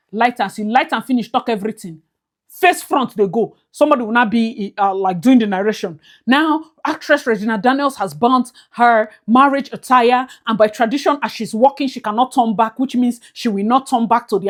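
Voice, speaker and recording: A young woman with a Nigerian accent giving casual commentary, mixing Pidgin into English, laughing often and swinging from loud to whispered. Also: on the high side. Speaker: vlogger.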